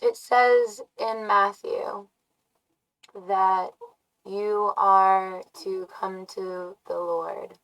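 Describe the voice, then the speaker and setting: A woman live streaming from a dark room, chatting casually, musing and often laughing or humming to herself. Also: medium pitch, level tone, drawn-out words. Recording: voice from far off the mic.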